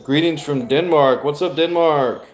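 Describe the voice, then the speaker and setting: Slow, laid-back young man reading chat. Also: on the high side, soft background music. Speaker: streamer reading live chat. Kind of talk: casual livestream chat.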